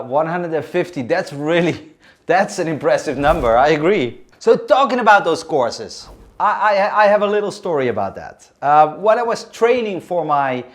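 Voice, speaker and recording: A man co-hosting a podcast, talking with enthusiasm and plenty of restarts. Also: a little high. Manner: enthusiastic, with many fillers and restarts. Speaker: co-host.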